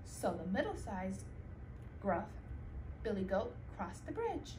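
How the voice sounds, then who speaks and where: A woman librarian telling a children's story in a slow, sing-song, animated way. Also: medium pitch, noisy background. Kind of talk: storytime read-aloud. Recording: roomy echo.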